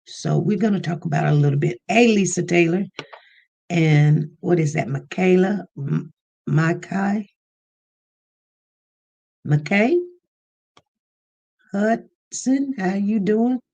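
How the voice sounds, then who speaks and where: A livestream host chats casually, greeting viewers by name one at a time in an easygoing, unhurried manner and inviting them to call in. His mid-range voice is creaky and darkish, and the high frequencies are cut off.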